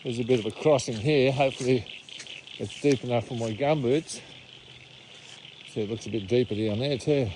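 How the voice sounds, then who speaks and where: A relaxed older Australian man talks his way along a bush track in an easygoing, matter-of-fact way, his voice sitting at a middling pitch. He sounds a little winded from walking, and a faint outdoor hiss runs under the recording. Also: moderate pace, long pauses, rough recording. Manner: chatty, laid-back, hushed when near wildlife. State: out of breath from a steep climb. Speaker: vlogger on a bush walk. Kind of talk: casual walking commentary.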